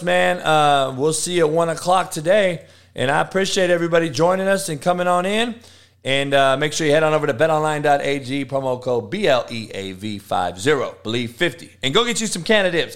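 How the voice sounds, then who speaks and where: A man's voice: on the high side, a bit bright. A man hosting a morning live-stream football talk show, talking casually and bluntly, with lots of swearing and fillers. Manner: blunt, profane, swaggering. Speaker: sports talk show host.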